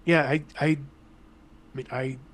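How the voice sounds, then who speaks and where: A man playing a tabletop game, with a sly, deadpan delivery for his character. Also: medium pitch, unhurried. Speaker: player.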